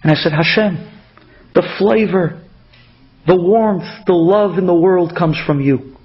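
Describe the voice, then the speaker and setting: A man's voice: sits high, a little slow, lo-fi sound. A man quoting a poor humble wife of a water carrier, in an earnest, pleading tone.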